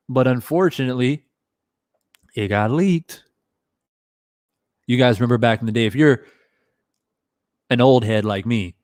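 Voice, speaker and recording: Clean studio audio with no room sound captures a medium-pitched man hosting a live boxing stream. He reads chat and talks casually with his viewers, swearing freely and staying animated throughout.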